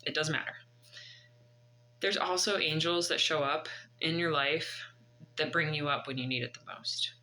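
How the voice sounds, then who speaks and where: A woman's voice: low voice, moderate pace, long pauses, pushed and bright, poor audio. A woman in her thirties telling a personal story in a vlog, earnest and reflective. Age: 30s. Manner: earnest, reflective, faith-driven. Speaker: vlogger.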